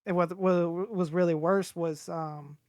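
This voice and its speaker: A man's voice: sits high, steady tone, a little slow, no echo, studio quality. A man in his twenties chatting casually on a podcast, rambling and candid, swearing freely as he talks. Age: 20s. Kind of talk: casual chat.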